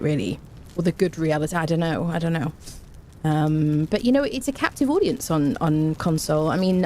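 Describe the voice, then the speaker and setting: Woman, livestream chat, greets viewers by name, low-ish pitch. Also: warm tone, slight background noise. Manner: chatty, greets viewers one by one, quick laughs. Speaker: streamer.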